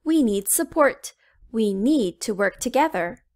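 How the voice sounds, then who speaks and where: A woman's voice: on the high side, expressive, unhurried. A woman voicing a brave storybook princess who leads the heroes, speaking firmly. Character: brave heroic storybook princess, bossy leader. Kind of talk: storybook read-aloud.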